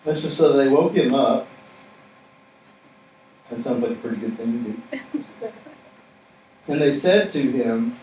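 A man's voice: mid-range voice, a little slow, long pauses, mellow. A man preaching a sermon on stage in a conversational, joking way, asking the audience questions. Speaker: pastor. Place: stage in a church hall. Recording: echoey room from far off with faint noise.

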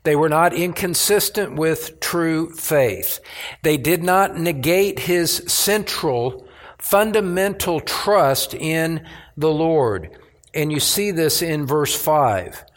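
Guy preaching slow and emphatic, kinda high voice, stops and restarts a lot. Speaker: pastor. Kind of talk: sermon.

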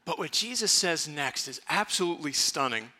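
Guy preaching a sermon, kinda high voice, really sharp and punchy, says things twice for emphasis. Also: animated, moderate pace. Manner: emphatic, repeats key phrases. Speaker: pastor.

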